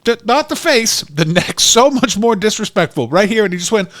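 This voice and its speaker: A man's voice: sits high, normal speed. A male comedian co-hosting a podcast, telling stories in casual chat and acting out the quotes. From Canada. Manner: animated storyteller who acts out quotes.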